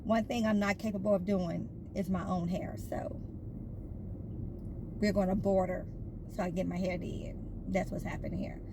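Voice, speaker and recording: A woman's voice: mid-range voice, flat delivery, normal speed, long pauses, background noise. A woman vlogging in a casual, chatty way, telling stories with fillers and asides. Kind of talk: casual chat.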